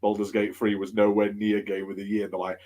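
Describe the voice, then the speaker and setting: Excitable man with a husky voice. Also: on the low side, brisk. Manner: excitable, stumbles over words. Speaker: podcast co-host. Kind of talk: casual banter.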